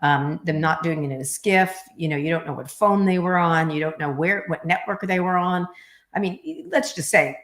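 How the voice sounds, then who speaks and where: A middle-aged woman guest in a casual interview, talking bluntly and joking fast. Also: fairly low pitch, a bit bright. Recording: roomy echo.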